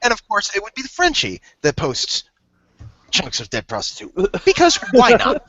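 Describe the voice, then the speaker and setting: Animated man on a dull call line. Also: high-pitched, normal speed. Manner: joking, laughs often, rambles with restarts. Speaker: podcast co-host. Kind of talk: casual group chat over a card game.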